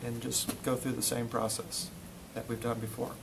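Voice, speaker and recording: A man's voice: mid-range voice, monotone, moderate pace, vocal fry, background noise. A male instructor teaching a classroom lesson, quizzing students as he demonstrates muscle testing on a volunteer. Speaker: physical therapy instructor.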